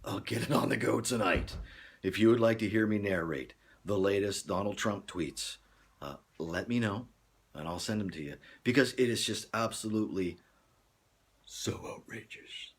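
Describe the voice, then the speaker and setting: A man's voice: on the low side, normal speed, slightly rough. A man hosting a casual livestream, rambling and joking, chuckling often as he talks to viewers. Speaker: livestream host. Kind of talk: casual live-stream chat.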